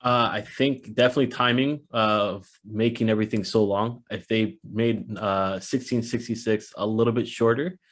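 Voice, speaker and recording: A man speaking as a guest on a casual podcast, earnest and measured. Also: fairly low pitch, fairly even intonation. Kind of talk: casual chat.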